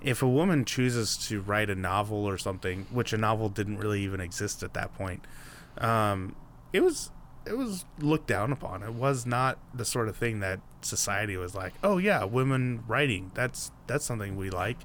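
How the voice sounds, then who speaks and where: A man's voice: on the low side, animated, moderate pace, a bit bright, a little hiss or hum. A man co-hosting a podcast, chatting casually with mumbled asides that trail off. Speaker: podcast co-host. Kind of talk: casual chat and read ad.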